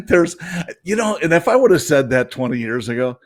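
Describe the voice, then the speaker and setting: A man's voice: mid-range voice, huge pitch swings, unhurried. A man co-hosting a casual podcast, rambling through his points and laughing and teasing often. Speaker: podcast co-host.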